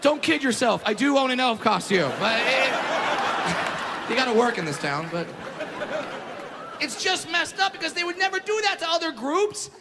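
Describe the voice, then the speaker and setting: A male stand-up comedian doing a loud, profane routine that breaks into shouted rants, performing on stage before a live audience. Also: extremely high pitch, big pitch swings, moderate pace, long pauses. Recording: echoey hall with crowd noise.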